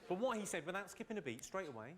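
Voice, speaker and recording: A man doing stand-up comedy on stage with deadpan one-liners and sharp timing. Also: high-pitched, racing, a little hiss or hum. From Britain. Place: stage before a live audience. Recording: loud audience laughter over live show.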